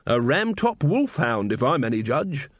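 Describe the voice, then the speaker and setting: A man's voice: mid-range voice, sing-song, a little slow, no room sound. A man voicing a kindly, simple young male guard, friendly and absent-minded, recorded dry and close.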